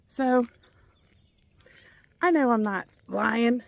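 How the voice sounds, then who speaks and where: A woman's voice: on the high side, extremely slow, vocal fry, no room sound. A middle-aged woman with a Kentucky accent, out of breath as she chats casually with viewers while walking laps outdoors. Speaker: vlogger. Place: outdoors, walking around a neighborhood.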